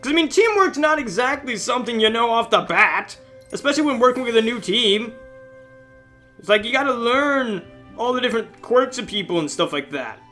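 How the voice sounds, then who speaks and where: Bright, high-voiced man ranting over a game. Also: a little fast, faint music behind. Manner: ranting, scolding, animated. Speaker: let's-play host. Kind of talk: casual rambling commentary while playing a game.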